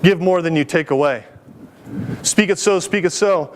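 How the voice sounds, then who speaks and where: A middle-aged man giving a keynote speech, telling stories in a lively way and acting out the voices of the people in them. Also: high-pitched, normal speed, slight background noise. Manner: animated, acts out quoted voices. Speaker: keynote speaker. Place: conference hall.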